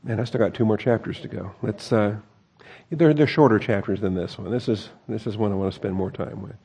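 Mellow-voiced man reading and commenting on scripture. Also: on the low side, brisk, creaky, husky. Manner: reads scripture aloud then comments, wry asides and self-corrections. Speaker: Bible teacher. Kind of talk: conversational Bible reading and commentary.

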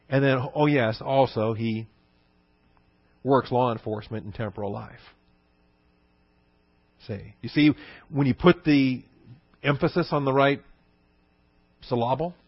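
A man's voice: mid-range voice, dry recording. A man teaches a sermon, talking it through conversationally with rhetorical questions and frequent fillers. The recording is dull and lo-fi, and the sound is dry and close. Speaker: pastor.

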